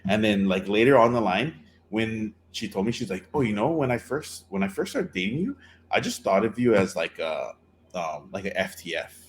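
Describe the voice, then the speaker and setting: Man, middle-aged, low pitch, podcast co-host, rambling chat. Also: sing-song, moderate pace, a little hiss or hum. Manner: rambling, many fillers and restarts. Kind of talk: casual storytelling chat.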